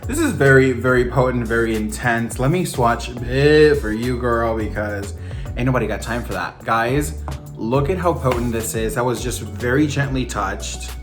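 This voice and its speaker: Sassy, animated young male beauty vlogger. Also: medium pitch, normal speed, faint music behind. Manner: sassy, animated, campy slang. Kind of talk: makeup review vlog.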